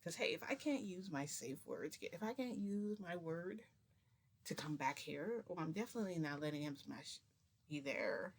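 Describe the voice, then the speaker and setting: A woman's voice: on the low side, animated, moderate pace, a little hiss or hum. A woman vlogger telling a long casual story to her viewers, chatty and rambling, with many restarts.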